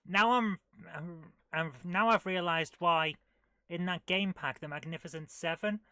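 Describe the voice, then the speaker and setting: A woman's voice: lowish voice, measured pace, fairly bright tone, clean tone, no echo, studio quality. A woman streaming retro games, thinking aloud as she plays and reacting with amused disbelief. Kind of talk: casual live gameplay commentary.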